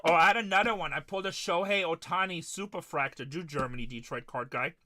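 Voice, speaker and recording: A man's voice: on the high side, quick pace, bright, forceful tone. A man hosting a live card-break stream, chatting casually and retelling stories of his conversations with customers.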